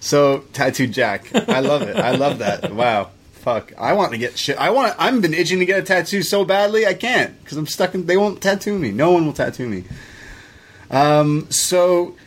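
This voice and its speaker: A man's voice: on the high side, animated, moderate pace, husky. Casual American man riffing on wrestling. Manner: loose and profane, drifts into side rants. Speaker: podcast co-host. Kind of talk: casual wrestling review chat.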